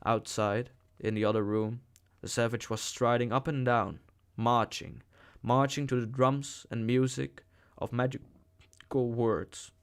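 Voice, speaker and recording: A man reading a novel aloud in a slow, deliberate way. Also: mid-range voice, little pitch movement, smooth. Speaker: audiobook reader.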